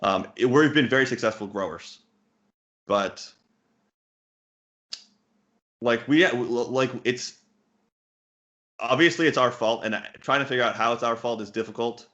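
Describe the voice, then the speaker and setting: A man's voice: medium pitch, moderate pace, fairly bright tone. A man in his thirties, a poker coach, answering interview questions bluntly, swearing casually and full of fillers and restarts. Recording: muffled lo-fi audio.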